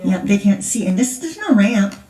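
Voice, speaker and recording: A woman's voice: medium pitch, moderate pace, recorded from a distance, over music. Older woman telling ranch stories in an echoey hall. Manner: chatty, laughing, animated storytelling. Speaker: conference speaker. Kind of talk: storytelling testimony. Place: large church hall.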